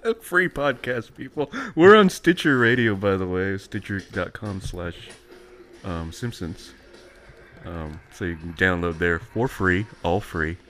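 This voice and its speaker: A man with a fairly low voice hosts a casual chat podcast. He rambles, trips over his own sentences and laughs a lot as he goes. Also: expressive, unhurried, a bit bright. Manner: rambling, self-interrupting, laughs often. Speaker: podcast host.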